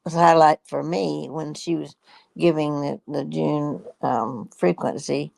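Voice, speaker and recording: This is a very old woman in her nineties, her voice deeply gravelly and rough. She talks in a halting, rambling way, full of restarts, over a dry, close sound. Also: fairly even intonation, a little mellow, dry recording, poor audio. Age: 90s. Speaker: guest. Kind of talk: casual chat.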